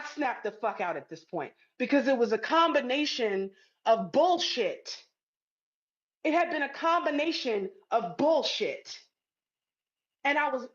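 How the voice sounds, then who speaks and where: A woman's voice: high voice, fairly bright tone. A woman telling a story to camera in a blunt, profane, emphatic way. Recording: dull lo-fi sound.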